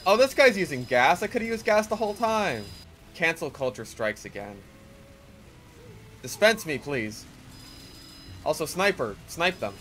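A man's voice: fairly high pitch, very animated, unhurried, long pauses, a bit bright, a little hiss or hum. A man giving profane, rambling commentary over his own gameplay as host of a gaming channel. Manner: rambling, crude, irreverent.

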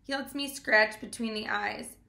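A woman voicing an eager, boastful young farm boy who talks in an excited, cheeky way. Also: fairly high pitch, moderate pace, gravelly, echoey room. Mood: insistent.

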